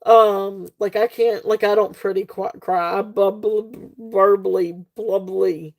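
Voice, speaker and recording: A woman's voice: medium pitch, steady tone, takes it slowly, gravelly, a little mellow. A woman hosting a casual live jewelry sale, chatty and laughing often, with many fillers and restarts. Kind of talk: casual live-stream sales chat.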